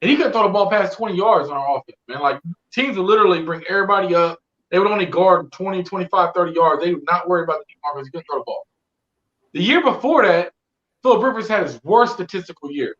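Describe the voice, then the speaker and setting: A man talking casually on a sports podcast, animated and slangy, with plenty of swearing. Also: high voice, fast, echoey room, lo-fi sound. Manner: animated storyteller, slangy and profane. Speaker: podcast co-host, Colts fan.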